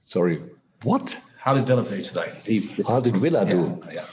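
A man's voice: lowish voice, sing-song, normal speed, a little mellow, slight background noise, pitched below the performer's own voice. Brief: a man playing a bewildered football boss who keeps asking questions back. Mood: baffled. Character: baffled older male football manager at a presser.

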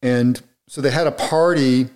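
A man's voice: medium pitch, unhurried, darkish tone, clean tone. A middle-aged man, a film director being interviewed, telling long, rambling stories in a casual way with many restarts.

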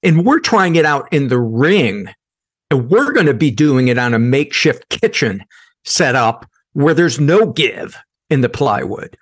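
A man, a guest comedian, telling a wry, animated story in casual talk. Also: mid-range voice, a little slow, slightly rough.

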